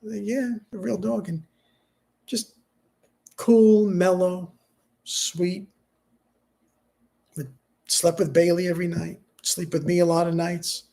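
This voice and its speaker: Grieving man talking haltingly. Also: high voice, flat delivery, warm tone. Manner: halting, hesitant, many restarts and fillers. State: grieving, subdued. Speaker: vlogger. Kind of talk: emotional personal vlog.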